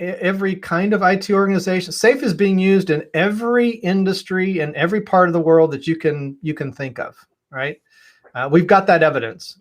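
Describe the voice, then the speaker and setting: A man on a webinar panel giving emphatic, persuasive answers about agile leadership, often repeating words as he starts a thought. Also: on the high side.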